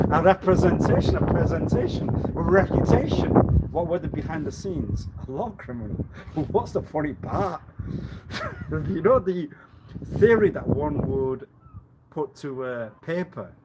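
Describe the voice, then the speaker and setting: A man's voice: fairly high pitch, animated, normal speed, heavy background noise. A man in a rambling live-stream monologue, lecturing with repeated rhetorical questions, laughing often and repeating himself. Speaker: livestreamer.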